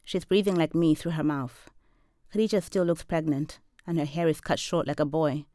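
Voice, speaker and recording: A woman in her forties from Zambia reading a first-person literary story in a measured, deadpan, wry way. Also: deep voice, no room sound, studio quality. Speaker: professor and storyteller.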